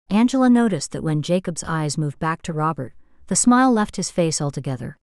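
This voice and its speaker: A woman reading an audiobook in a steady, measured way as scripted narration. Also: low-pitched, no echo, clean studio sound.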